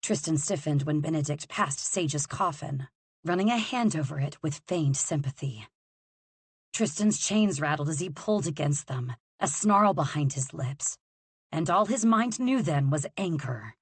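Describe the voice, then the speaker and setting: A woman reading an audiobook aloud in measured, scripted narration. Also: low voice, expressive, slightly rough, dry recording. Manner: measured storytelling.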